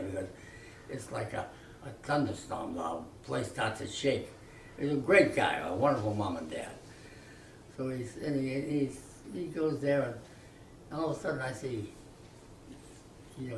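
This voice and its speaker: A man in his nineties telling rambling, animated stories from his youth, with many restarts, recorded from a distance. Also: lowish voice, creaky. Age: 90s. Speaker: interviewee. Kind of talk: reminiscing storytelling. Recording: echoey room from far off, faint noise.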